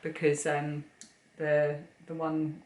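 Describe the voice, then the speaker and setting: Woman, South London accent, casual Q&A host, lower voice, roomy echo. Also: monotone, slow pace, a little mellow. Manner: laughs often, reads questions aloud. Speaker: channel host. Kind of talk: casual Q&A chat.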